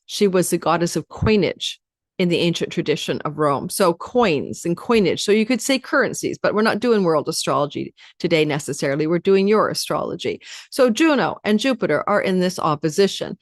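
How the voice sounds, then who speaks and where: A woman astrologer giving a chatty weekly forecast, talking fast and speaking straight to her viewers. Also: on the low side, animated, dry recording, clean studio sound. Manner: addresses viewers directly.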